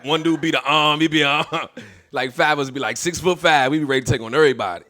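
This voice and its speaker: A man's voice: on the high side, fast, sharp tone. A man in his thirties doing a stand-up comedy set, brash and swearing, acting out the people in his stories.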